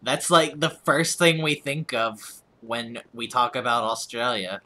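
A man's voice: medium pitch, steady tone, a little slow, bright, forceful tone. A man with a rural American accent, chatting casually and self-deprecatingly with his audience as he streams a game, often restarting his words. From United States. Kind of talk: casual chat while gaming.

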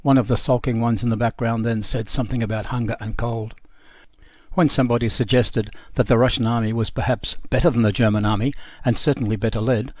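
A male documentary narrator reading a first-person memoir in a measured, sober delivery. His voice sits at an average pitch. The recording is dry and close, with no room sound. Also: no echo.

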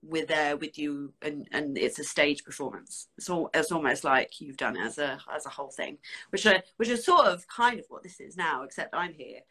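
Bright, deep-voiced woman, praising warmly. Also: animated, normal speed, hardly any pauses, slightly rough. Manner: warm, praising, affectionate. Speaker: publisher guest. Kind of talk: casual chat.

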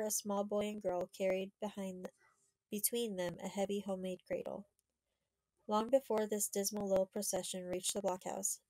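A woman reading a children's historical novel aloud in a measured, steady way. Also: medium pitch, no room sound, low-quality recording. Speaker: audiobook reader. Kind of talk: storybook narration.

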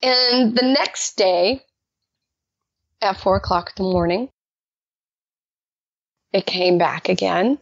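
Gravelly-voiced woman telling a faith story. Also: takes it slowly, long pauses, dry recording. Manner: animated, acts out quoted dialogue with jumps in pitch. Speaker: podcast guest. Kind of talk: personal faith testimony storytelling. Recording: dull lo-fi dry recording.

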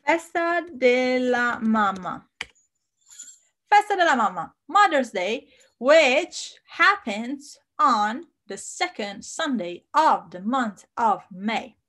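An Italian woman teaching her language on a live stream, animated and chatty, reading out viewer comments. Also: on the high side, slow. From Italy.

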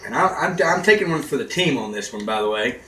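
A man telling a comedic story in a casual vlog rant, animated, swearing and shouting out the lines he quotes. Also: mid-range voice, quick pace. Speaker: vlogger. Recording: echoey room, faint background noise.

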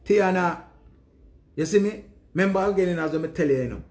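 A grieving Jamaican man speaks in a somewhat high voice, leaning on words and repeating lines for weight. He talks in heavy patois, an emphatic monologue to the camera. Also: normal speed, darkish tone. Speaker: vlogger.

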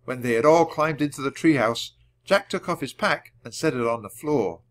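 A man reading a children's book aloud at a clear, measured storytelling pace. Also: medium pitch, a bit bright. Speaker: audiobook reader.

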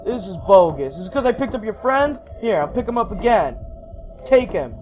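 A man's voice: high-pitched, very animated, normal speed, muffled recording, soft background music. A man giving casual horror gameplay commentary, jumpy, swearing often and talking to the game's characters. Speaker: gaming YouTuber.

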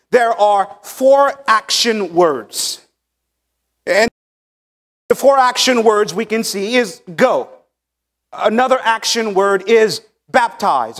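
A man preaching a sermon as pastor, teaching emphatically and pausing on key words, recorded in a church sanctuary. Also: high-pitched. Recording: long church hall reverb.

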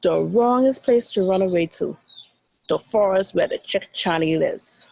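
A woman's voice: mid-range voice, a little slow, creaky, mellow, no room sound, low-quality recording. A Bahamian woman, a teacher, telling a dramatic story to children with sound effects and then asking questions.

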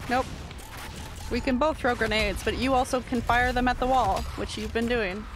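A woman streamer giving live gameplay commentary, excitable, yelping and talking to herself as she plays. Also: fairly high pitch, normal speed. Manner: excitable, yelps and talks to herself while playing. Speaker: game streamer. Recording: steady background noise.

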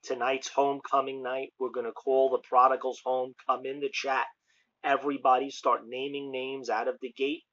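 A man's voice: mid-range voice, normal speed. A man sharing an impassioned testimony, acting out the dialogue as he tells it. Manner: animated storyteller who acts out the dialogue. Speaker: street preacher and online ministry host. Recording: lo-fi dull sound.

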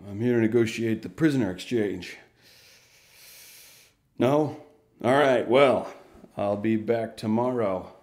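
A man voicing a mild-mannered male lawyer who negotiates a prisoner swap, polite and low-key. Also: takes it slowly, pauses often, a little mellow, roomy sound. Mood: patient.

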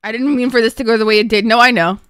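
A woman's voice: on the high side, steady tone, rapid-fire, a bit bright, clear, resonant tone, no echo. Woman streamer, casual live chat, flustered and swearing, dry close sound, keyboard typing.

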